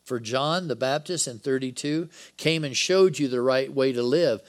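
At a moderate pace with few pauses, this preacher walks through a Bible study in a middle-pitched voice. His explanation of scripture stays conversational and is broken up by jokes, and he brings lively emphasis to the dialogue he reads out.

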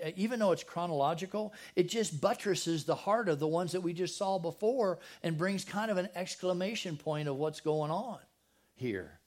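A man's voice: on the high side, darkish tone. An older man, preaching a sermon in a conversational way and often asking his listeners rhetorical questions. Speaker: pastor.

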